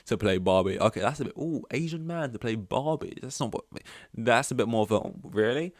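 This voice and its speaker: Male solo podcast host, lowish voice, rambling and joking, dead-dry recording. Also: no room sound. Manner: rambling, self-interrupting, joking asides. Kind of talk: casual solo podcast chat.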